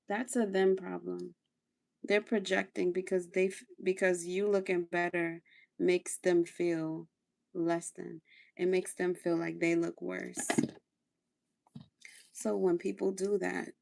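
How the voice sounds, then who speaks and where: A woman hosting a relaxed livestream, talking while she does her skincare. Her voice sits a little low, with lots of gravelly vocal fry. She coaches her viewers and repeats her phrases for emphasis. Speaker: livestream host. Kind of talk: casual livestream chat during a skincare routine.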